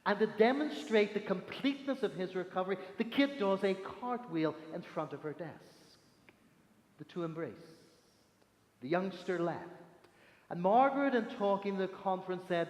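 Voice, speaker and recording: A man preaching a sermon, telling stories with emphatic pauses, from Northern Ireland. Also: sits high, animated. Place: church sanctuary. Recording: echoey church hall reverb.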